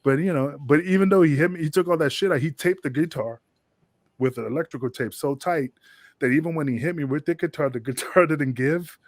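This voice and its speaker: A man's voice: a little high, brisk, dry recording, studio quality. A man, a guest wrestler, telling a long, rambling, profane backstage story in an interview. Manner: rambling, profane, full of fillers.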